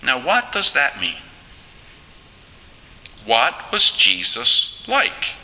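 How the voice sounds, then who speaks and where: Man, preacher, sermon, measured and earnest, lively pitch, long church reverb. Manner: measured, earnest, with asides to listeners.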